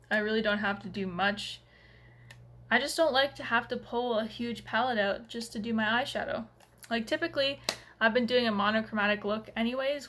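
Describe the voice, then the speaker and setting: A woman's voice: a little high, fairly bright tone. A woman chatting through a casual makeup review at home in a rambling way, full of fillers. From Canada. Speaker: beauty vlogger.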